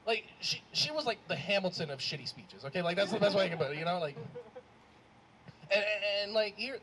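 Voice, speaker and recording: A man doing a stand-up comedy set on a club stage, rambling and animated with lots of fillers. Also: high voice, fairly quick. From Arab American. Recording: live club mic with faint crowd noise.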